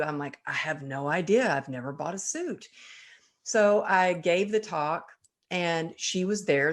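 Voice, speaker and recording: Woman, podcast host, lower voice, casual interview chat, animated storytelling.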